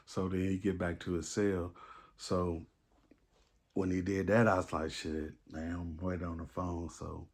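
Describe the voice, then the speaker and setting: Deep-voiced man telling a loose story. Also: a little mellow. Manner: loose and rambling, full of fillers and profanity. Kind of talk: casual storytime monologue.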